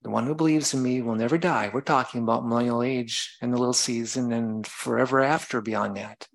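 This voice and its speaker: Reading scripture and then breaking it down in plain language, a preacher with a gravelly, fry-edged voice occasionally pauses to correct himself mid-sermon. He speaks briskly in a steady, mid-range voice on a low-quality recording.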